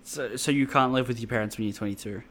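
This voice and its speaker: A man co-hosting a podcast in casual chat, relaxed and hesitant, with many fillers. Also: medium pitch, quick pace. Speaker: podcast co-host.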